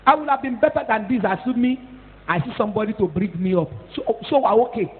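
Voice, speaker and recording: A Nigerian-accented woman pastor preaching a scolding, animated sermon, mixing in Pidgin and Yoruba and rising to shouts at times. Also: a little high, fast talker. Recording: tinny phone-like echoey hall.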